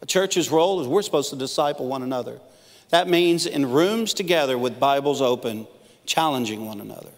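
A middle-aged man preaching from the stage of a church auditorium, mixing jokes into his stories and acting out what people said. His voice sits at a medium pitch and carries a long reverb from the big hall. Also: expressive, a little fast. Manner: storytelling with humor, acting out quotes. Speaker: pastor. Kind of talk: sermon.

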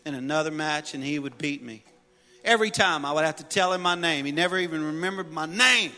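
A middle-aged male pastor preaching in a church sanctuary, his voice bright and a little high, trailing a long reverb through the hall. He moves between joking storytelling and loud, rising exhortation, with soft music underneath. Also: fairly quick. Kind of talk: sermon with personal stories.

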